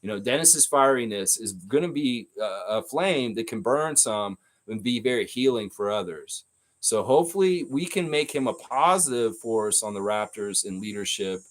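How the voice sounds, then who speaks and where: A man's voice: lowish voice, lively intonation, normal speed. A man hosting a live stream, talking in a casual, rambling way and answering comments from the chat.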